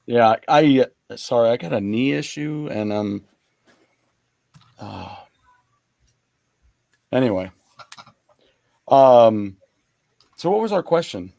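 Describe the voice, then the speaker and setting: A man's voice: medium pitch, expressive, slow, vocal fry, pauses often, mellow, dry recording. A man co-hosting a casual gaming stream chat, rambling with lots of fillers. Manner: chatty, rambling with many fillers. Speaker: co-host.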